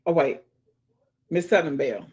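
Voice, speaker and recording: A woman's voice: low-pitched, lively intonation, normal speed, a little mellow. A woman hosting a casual livestream, reading viewer comments aloud with folksy exclamations and dropping to murmurs and whispers. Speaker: livestream host. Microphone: phone.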